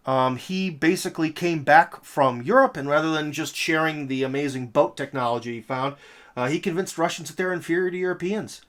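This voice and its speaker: A man hosting a political commentary monologue, talking in an emphatic, rhetorical way with sarcastic asides. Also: on the high side. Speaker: host.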